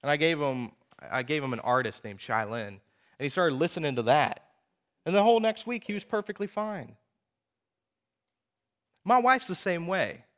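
A man in his thirties preaching a sermon, telling personal stories in a lively, conversational way with frequent asides to the audience. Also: a little high, moderate pace, long pauses. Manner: animated storytelling, conversational asides.

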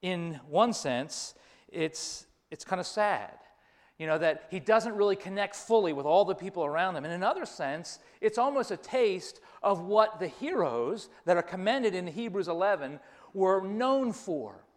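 A man's voice: high-pitched, expressive, measured pace. A man preaching a sermon, telling a story and repeating key phrases for emphasis. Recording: long reverb of a large hall.

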